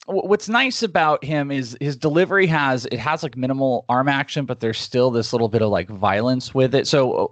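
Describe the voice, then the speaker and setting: A man's voice: mid-range voice, a bit bright, no room sound. Enthusiastic rambling analyst man, dry sound. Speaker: podcast guest and draft analyst. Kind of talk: casual interview answers.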